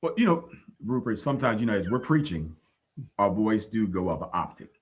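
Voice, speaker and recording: A man's voice: fairly low pitch, sing-song, brisk. A man who preaches, co-hosting a casual faith talk show in an easygoing, agreeable way. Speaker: co-host, preacher. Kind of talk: casual chat.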